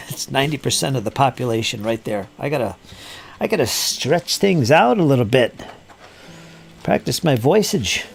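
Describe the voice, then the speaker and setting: A man's voice: mid-range voice, lively intonation, normal speed, creaky, breathy edge. A man hosting a casual live hobby chat while he crafts, rambling and joking and often laughing at himself. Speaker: hobby channel host.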